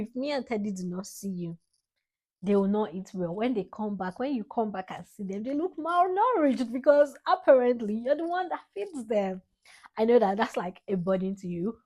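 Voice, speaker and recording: A young woman with a Nigerian accent speaks straight to camera, expressive and a little dramatic. She swings between soft, fond remarks and bursts of laughter as she thanks her father. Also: fairly high pitch. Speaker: vlogger. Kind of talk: heartfelt tribute to her father.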